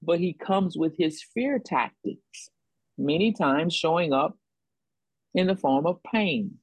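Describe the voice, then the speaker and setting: A woman preaching in a call-and-response rhythm, leaning on repeated phrases to drive each point home. Her voice is breathy and soft-edged. The sound is dry and close, with no room around it. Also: low-pitched, lively intonation, slow pace, no room sound, low-quality recording. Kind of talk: sermon.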